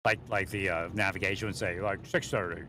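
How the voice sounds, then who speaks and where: Low-ish bright voiced guy rambling from his car, laughs a lot, faint hum behind. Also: fairly even intonation, brisk. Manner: rambling, laughs often between thoughts. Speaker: vlogger. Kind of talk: rambling monologue while driving. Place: inside a vehicle on the road. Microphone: mounted mic, sometimes leaning away.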